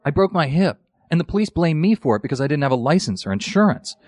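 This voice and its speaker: A man's voice: a little high, big pitch swings, fast talker, darkish tone, no room sound, pitched above the performer's own voice. A man putting on the voice of a dim-witted male motorcycle rider who complains about his broken hip. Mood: whining.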